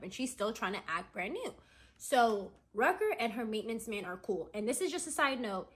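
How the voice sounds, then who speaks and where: A woman's voice: medium pitch, big pitch swings, moderate pace, a bit bright. A woman casually retelling a friend's dramatic story in a chatty, gossipy storytime. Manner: chatty, gossipy, full of "like" and "right?". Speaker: storytime content creator.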